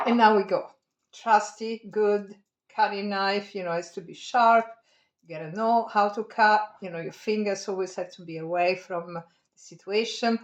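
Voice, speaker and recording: A woman's voice: lowish voice, reverberant. A woman with an Italian accent giving a cooking demonstration at home, chatty and digressive, laughing often. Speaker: home cook.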